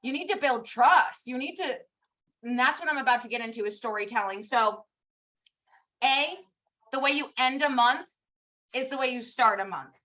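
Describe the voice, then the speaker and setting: Woman team leader, punchy and bright, scolds and rallies on a live stream; muffled stream sound. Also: high-pitched. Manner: blunt, scolding, rapid-fire rhetorical questions; swears casually, self-mocking. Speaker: team leader giving a live pep talk. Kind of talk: casual motivational livestream talk.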